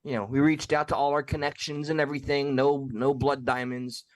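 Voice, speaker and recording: Man, show host, casual chat, dry joking banter, mid pitch. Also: level tone, fairly quick, a loud crowd. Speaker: podcast host.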